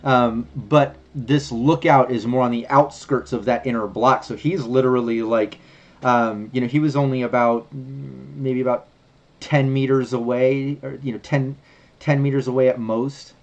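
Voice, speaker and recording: A male game master narrating a tabletop game in a loose, rambling way full of fillers. His voice sits mid-pitched. The audio is slightly muffled. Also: little pitch movement, moderate pace.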